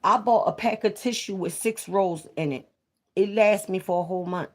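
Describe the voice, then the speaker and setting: A woman's voice: medium pitch, moderate pace. A woman chatting casually to her viewers on a live stream, repeating herself and swearing freely. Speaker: vlogger on a livestream.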